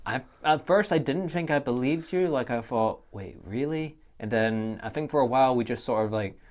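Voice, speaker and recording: A man's voice: medium pitch, brisk. A man with a Scottish accent, co-hosting a podcast and chatting casually, mostly giving brief replies. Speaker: podcast co-host. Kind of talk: casual chat.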